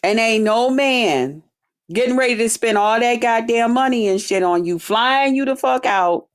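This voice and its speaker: A woman vlogger telling a personal story straight to her viewers in a blunt, profane, animated way. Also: fairly high pitch, normal speed. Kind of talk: casual storytime monologue to viewers.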